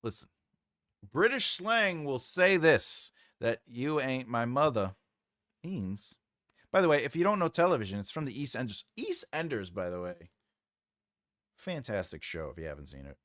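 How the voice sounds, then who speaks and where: Very animated and speaking at a normal speed, this writing livestream host has a mid-range, fairly bright voice. He reads viewer comments casually, rambling, trailing off as he searches for names, and laughing a lot, all in clean studio sound with no room ambience.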